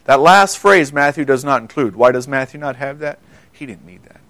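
A man preaching a sermon, earnest, asking his listeners questions, dropping quiet for quoted words and often repeating words as he goes. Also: mid-range voice, moderate pace, dry recording. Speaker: pastor.

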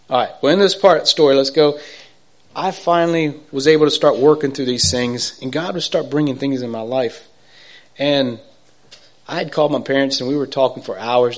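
A man with a medium-pitched voice shares an earnest testimony of his personal faith. He rambles, restarts and throws asides to his listeners, veering from hushed near-whispers to loud, excited bursts.

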